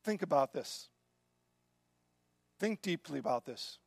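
A man preaching a sermon in an earnest way, often dropping to a soft, quiet voice. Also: fairly high pitch, slow pace, long pauses, no room sound. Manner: earnest, drops to soft quiet tones when moved. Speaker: pastor.

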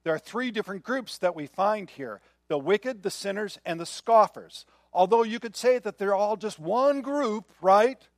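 A man's voice: high-pitched, expressive, normal speed, hardly any pauses, no echo, studio quality. An older man preaching a sermon in a conversational way, often checking in with the listeners. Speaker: pastor.

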